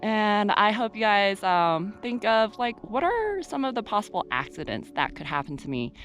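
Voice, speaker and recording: A woman's voice: mid-range voice, sing-song, moderate pace, fairly bright tone, soft background music. A young woman vlogging while hiking a mountain trail, chatting playfully to the camera with plenty of fillers, at times out of breath. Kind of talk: casual vlog while hiking.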